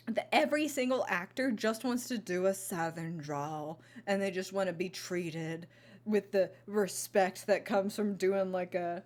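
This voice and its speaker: Woman rambling about movies on her vlog, lots of um and like, right up on the mic. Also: medium pitch. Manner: rambling, animated, many fillers and restarts. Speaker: vlogger reviewing movies. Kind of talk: casual chat. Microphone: close mic.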